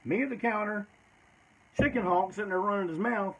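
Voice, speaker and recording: A man's voice: sits high, brisk, a bit bright, lo-fi sound. Man rambling through a story. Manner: rambling, profane, ends phrases with "man". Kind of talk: casual storytelling.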